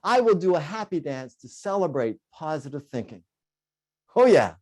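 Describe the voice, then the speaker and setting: A middle-aged man delivers a humorous motivational keynote with lively, swooping intonation. He tells stories with playful energy and breaks into short sung bursts and chuckles as he goes. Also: a little high, moderate pace. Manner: animated storyteller, bursts into sung "oh yeah" and laughs. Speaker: keynote speaker.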